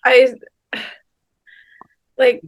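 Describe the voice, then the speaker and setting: A woman on a video call, talking hesitantly with many restarts and fillers, soft-spoken. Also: drawn-out words, background noise. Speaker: client at a reading. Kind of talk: casual conversation.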